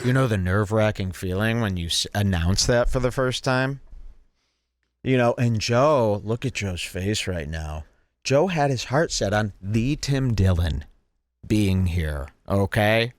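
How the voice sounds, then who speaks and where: Host: animated, mocking male commentator, lively pitch, dry close sound. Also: a little slow, dry recording. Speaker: podcast host. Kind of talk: commentary over clips.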